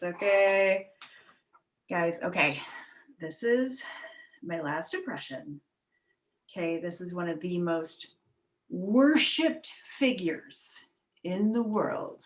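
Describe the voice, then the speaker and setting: Slow, wry woman doing stand-up. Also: fairly low pitch, expressive. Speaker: stand-up comedian. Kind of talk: stand-up comedy set on a video call.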